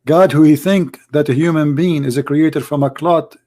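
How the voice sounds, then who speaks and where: Hoarse guy debating religion, sarcastic and mocking, kinda high voice. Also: fairly even intonation, moderate pace, dark tone. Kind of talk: online commentary video.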